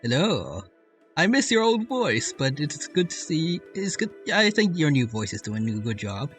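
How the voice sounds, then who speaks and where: A man's voice: on the high side, big pitch swings, normal speed, a bit bright. Casual male game streamer. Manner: casual, rambling, joking. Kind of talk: live game commentary. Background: game music.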